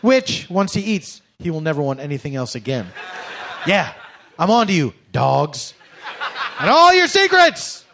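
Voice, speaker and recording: A man's voice: fairly high pitch, very animated, normal speed, gravelly, slight background noise. A man doing a comic monologue, sarcastic and mock-formal, often laughing as he talks. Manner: laughs through his words. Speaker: comedian.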